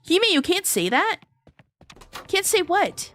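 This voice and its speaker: A woman with a bright, high voice that leaps up and down as she streams a horror game. She reacts loudly and swears freely, tossing quick thanks to her viewers, while soft music plays behind her. Her pitch swings widely from line to line. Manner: loud animated reactions, frequent swearing; chatty, thanks viewers in passing. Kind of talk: live gameplay commentary.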